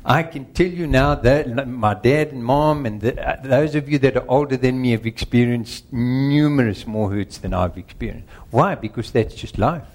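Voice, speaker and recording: A man's voice: mid-range voice, moderate pace, few pauses. A middle-aged man preaching a sermon, earnest and emphatic, working through numbered points and speaking directly to the congregation. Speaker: pastor.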